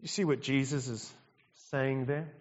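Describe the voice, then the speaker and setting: Slow, emphatic preacher in a reverberant hall. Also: male voice, medium pitch, fairly even intonation. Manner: emphatic, repeating phrases with measured pauses. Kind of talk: sermon. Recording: dull sound with long hall reverb.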